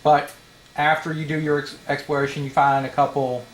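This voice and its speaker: A man running a tabletop game as dungeon master, pausing often and filling gaps with "um" as he describes the scene. His delivery is halting and casual. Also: fairly high pitch, level tone, slight background noise. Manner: halting, many fillers.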